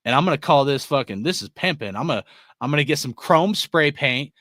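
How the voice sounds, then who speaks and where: Profane rambling guy, bright and dry. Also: a little high, animated, fairly quick, no room sound. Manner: profane, rambling, laughs often, says bro and dude. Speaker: sports fan show host. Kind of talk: casual rant to viewers.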